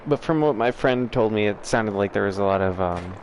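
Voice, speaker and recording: A man's voice: fairly low pitch, animated, fairly quick, darkish tone, slight background noise. A man from the States, hosting a livestream and chatting with viewers in a rambling, frank way full of fillers. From southern United States. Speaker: livestream host. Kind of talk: casual chat answering viewers.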